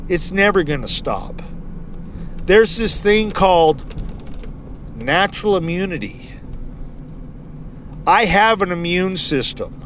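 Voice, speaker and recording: A man with a high voice for his sex, ranting heatedly to his viewers in a casual vlog. He sounds indignant and throws in sarcastic jabs, with faint background noise behind him. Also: animated, slow, long pauses, fairly bright tone. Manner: sarcastic asides. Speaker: survival channel host.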